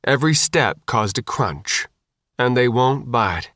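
A man narrating an audiobook in an even, measured storytelling voice. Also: mid-range voice, no echo, clean studio sound.

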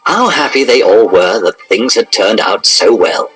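A man reading a children's storybook aloud in an expressive, animated narration. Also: on the low side, a little slow, faint music behind, rough recording.

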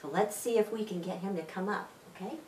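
A woman hosting a children's library storytime, leading songs and stories in an animated, sing-song, encouraging way. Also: mid-range voice, quick pace, slight background noise. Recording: echoey room, distant mic, faint music.

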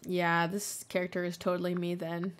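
A woman's voice: fairly low pitch, completely flat delivery, moderate pace, slight background noise. A young woman hosting a gaming channel, chatting casually and laughing constantly as she plays. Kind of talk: casual let's-play commentary.

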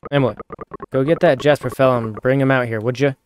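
A man voicing a gruff, folksy small-town father in a video game. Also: medium pitch, fairly even intonation, fast, lightly acted. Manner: folksy and blunt.

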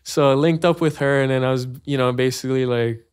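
A man's voice: medium pitch, steady tone, fast, darkish tone, clean tone, no room sound, studio quality. A man from Hawaii with a Hawaiian accent, chatting casually as a podcast guest, laid-back and slangy, laughing often. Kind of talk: casual chat.

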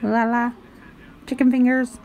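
A woman vlogger chatters in a silly, sing-song way while she plays a driving game, giggling as she goes. Her voice sits on the high side, and a faint hiss runs underneath. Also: little pitch movement, unhurried, darkish tone. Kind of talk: goofy commentary while playing a driving game.

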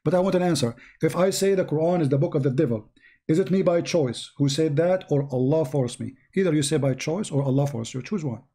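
Hoarse, combative man yelling at a caller. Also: on the high side, a little fast. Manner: shouting, repetitive, combative. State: hoarse, losing his voice. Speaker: livestream debate host. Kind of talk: heated call-in debate.

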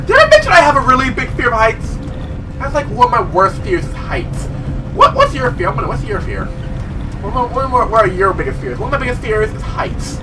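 Excitable shouting gameplay commentator, a man. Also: very high voice, brisk, recorded from a distance, background noise. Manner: excitable, loud, joking, often shouting. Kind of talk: let's-play commentary. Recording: set back from mic, music behind.

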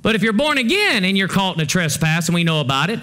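A male pastor preaching a conversational sermon to his congregation, moving between hushed low passages and rising, urgent ones. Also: big pitch swings, quick pace.

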